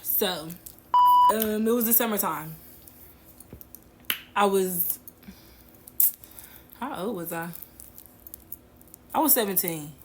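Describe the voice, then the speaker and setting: A woman's voice: medium pitch, slow pace, pauses often, noisy background. A woman casually telling a personal story to her viewers, slangy and laughing as she goes.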